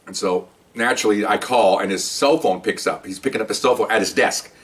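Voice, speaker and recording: Brief: quick, chatty retired policeman in his sixties spinning a yarn, distant mic. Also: fairly low pitch. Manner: chatty and rambling, with frequent restarts. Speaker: retired police officer telling stories. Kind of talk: casual spoken anecdote.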